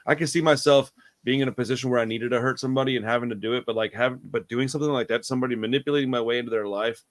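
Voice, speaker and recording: A man talking casually about a movie. He is animated, swears freely and laughs often. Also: medium pitch, racing. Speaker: podcast co-host.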